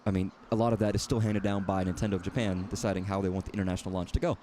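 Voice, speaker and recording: A man's voice: deep voice, fairly even intonation, very fast, mellow, slight background noise. A man casually commenting while playing a game, talking in a rambling, self-correcting, wry way. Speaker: streamer.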